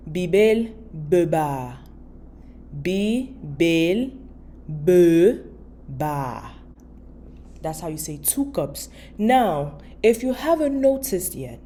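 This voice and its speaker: A woman giving a casual video language lesson, patiently repeating words slowly for learners. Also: lowish voice, warm tone, slight background noise. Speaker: language teacher.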